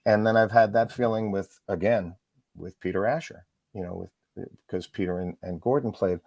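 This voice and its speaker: Low-voiced middle-aged guy rattling off road stories fast, lots of ums, dry close sound. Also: gravelly, darkish tone, dry recording. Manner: fast, rambling storyteller with frequent fillers. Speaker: musician guest, bass player and author. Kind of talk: casual interview chat.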